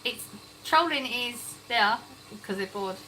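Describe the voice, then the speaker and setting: A woman's voice: fairly high pitch, animated, a little slow, noisy background. A woman with an English accent hosting a casual livestream from her kitchen, reading chat comments aloud and laughing often. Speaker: livestream host. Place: home kitchen.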